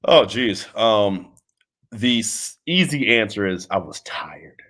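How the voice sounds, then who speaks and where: A man's voice: fairly low pitch, slow. A man being interviewed in casual chat, telling rambling stories full of restarts and acted-out quotes. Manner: animated storyteller, rambling with restarts, acts out quotes. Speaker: interview guest, wrestling trainer.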